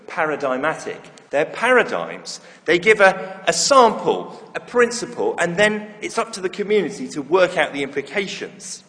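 A man preaching in a church hall, with a slightly high voice and lively, swinging pitch. He tells stories with dry humour. His voice carries a long reverb from the large room. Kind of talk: sermon.

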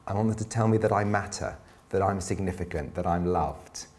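A middle-aged man preaching a sermon in a conversational, self-deprecating way, with quick asides. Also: sits low, darkish tone.

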